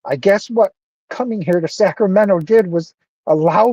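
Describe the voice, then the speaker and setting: Earnest man with a dark, emotional voice. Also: high voice, normal speed, dry recording, highs cut off. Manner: earnest, emotional, repeats himself. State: emotional, close to tears. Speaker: vlogger. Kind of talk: emotional personal monologue.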